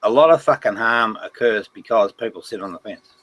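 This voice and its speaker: A man's voice: on the low side, a little fast, fairly bright tone, low-quality recording. A man hosting a casual livestream chat, laughing often, swearing freely and speaking emphatically. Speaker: livestream host.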